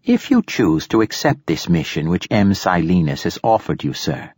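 A man's voice: low voice, big pitch swings, normal speed, a little mellow, husky, no echo, exaggerated voice. A man voicing a polite, formal android servant who addresses others as sir. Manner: formal, courteous. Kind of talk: audiobook dialogue.

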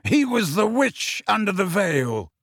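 A man reads an audiobook, voicing a bold, wry adult male wizard who speaks teasingly and confidently. He uses an exaggerated, high, sing-song voice pitched above his own, a bit bright and slightly rough, at an unhurried pace. The studio-quality recording has no room sound.

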